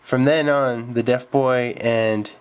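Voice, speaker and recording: A man's voice: medium pitch, fairly even intonation, slow pace, clear, resonant tone. Man rambling through a story. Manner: rambling, with restarts. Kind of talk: improvised story narration.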